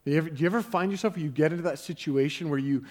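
A man's voice: fairly high pitch, racing, darkish tone. Conversational man preaching a sermon. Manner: conversational, repeats words when starting sentences. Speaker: pastor.

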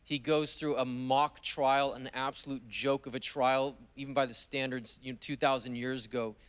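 Male pastor, mid-pitched voice, slow emphatic sermon delivery, vivid storyteller with long pauses. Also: steady tone, a bit bright, smooth.

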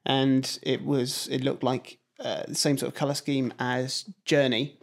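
A man's voice: medium pitch, flat delivery, unhurried. A man co-hosting a podcast, telling stories with animation and acting out quoted voices. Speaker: podcast co-host. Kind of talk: casual chat. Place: at a table with his co-host.

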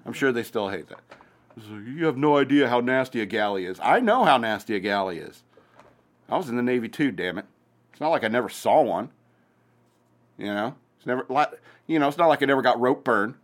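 A man hosts a podcast in a loose, rambling way. He tells stories casually, swears freely and chuckles along. His voice sits at an ordinary middle pitch. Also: lively intonation, brisk, pauses often. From Virginia. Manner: loose, profane storytelling with chuckles. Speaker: podcast host.

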